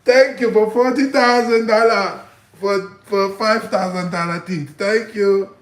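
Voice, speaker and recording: An eager, over-polite male jeweler gushes his thanks in a high, sing-song voice, as a man puts him on. The sound is loud and bright, with a roomy echo around it. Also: fairly even intonation, measured pace. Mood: effusive.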